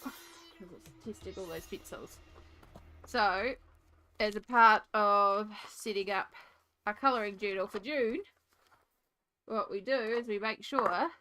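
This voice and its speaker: A woman's voice: mid-range voice, slow, long pauses, pushed and bright, faint music behind. A woman with a congested voice, chatting casually with her livestream viewers while she colours, giggling often and reading out chat names. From Australia.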